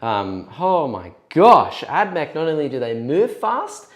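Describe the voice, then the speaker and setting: A man's voice: fairly high pitch, wildly swooping pitch, measured pace. A man hosting a casual chat after a tabletop game. He rambles, mocks his own play and laughs often. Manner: chatty, rambling, self-deprecating, laughs often. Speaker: host of a wargaming channel. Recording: echoey room.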